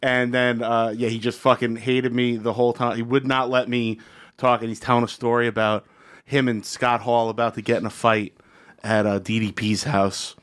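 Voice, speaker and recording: A man's voice: mid-range voice, level tone, normal speed, a bit bright. A man on a comedy podcast, casually telling a rambling anecdote with restarts and asides. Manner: rambling anecdote with frequent restarts and quoted voices. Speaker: podcast co-host.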